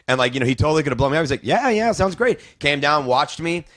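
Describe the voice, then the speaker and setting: A male comedian chatting as a podcast guest, rushing through animated stories and tripping over restarts. His pitch sits in the ordinary male middle, and he talks very fast. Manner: animated storyteller, quick and full of restarts. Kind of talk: casual podcast chat.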